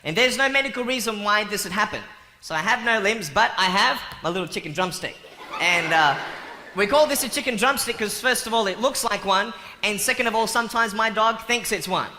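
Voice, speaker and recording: A man joking and telling stories to a live audience in a playful, animated way. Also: sits high, a little fast. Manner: playful, jokey, animated storytelling. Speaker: motivational speaker. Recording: long hall reverb with faint noise.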